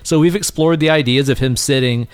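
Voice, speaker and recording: A man's voice: a little high, fairly quick, no echo. A man in his forties co-hosting a casual podcast, rambling through silly jokes and swearing. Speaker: podcast co-host.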